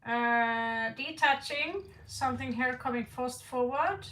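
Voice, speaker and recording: Slow, frank woman reading tarot. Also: sits high, pushed and bright, roomy sound, distant mic, slight background noise, poor audio. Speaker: tarot reader.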